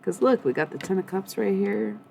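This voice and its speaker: A woman's voice: medium pitch, fairly quick, vocal fry, darkish tone, a little hiss or hum, poor audio. A young woman giving a blunt, profane, rambling tarot reading on a live stream.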